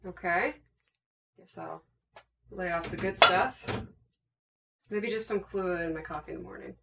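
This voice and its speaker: A woman's voice: lowish voice, normal speed, vocal fry. A woman acting a wry, nervous housewife who talks to herself in a comedy drama. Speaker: actor playing a housewife. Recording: echoey room from far off, loud noise.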